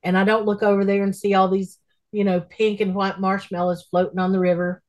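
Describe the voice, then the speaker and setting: A woman's voice: mid-range voice, flat delivery, a little fast, darkish tone, low-quality recording. A woman chatting casually as a podcast co-host, caring and rambling. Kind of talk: casual chat.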